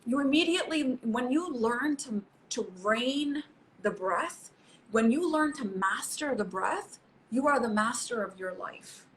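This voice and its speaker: A middle-aged woman, a psychologist appearing as a guest, explains things in conversation with an emphatic, coaching manner, often repeating herself to drive points home. Her voice sits fairly high and is expressive, delivered at a measured pace. The recording is rough, with a little hiss or hum.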